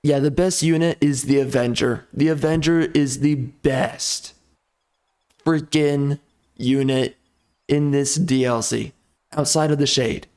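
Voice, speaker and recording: A man's voice: medium pitch, steady tone, slow pace, a little mellow. A man giving casual gameplay commentary, ranting in a mock-outraged, sarcastic way. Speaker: strategy game YouTuber.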